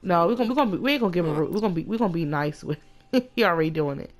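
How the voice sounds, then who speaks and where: A woman's voice: fairly low pitch, lively intonation, very fast. A young woman giving casual, slangy commentary on a life-simulation game, retelling the characters' talk line by line.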